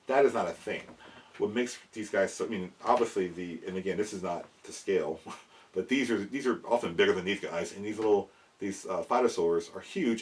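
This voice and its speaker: A young man hosting a casual explainer vlog about prehistoric animal figures, rambling and animated, often cutting himself off and chuckling at his own asides. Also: low voice, far from the mic.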